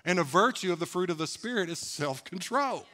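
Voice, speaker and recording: A man's voice: high-pitched, animated, fairly quick, sharp tone. A man preaching a sermon as pastor in a church, talking candidly and conversationally, laughing at himself. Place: church sanctuary.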